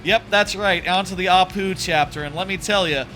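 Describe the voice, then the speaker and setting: A man's voice: sits high, a little fast, sharp tone, faint music behind. A man streaming a video game, giving casual commentary and thinking aloud in a rambling way.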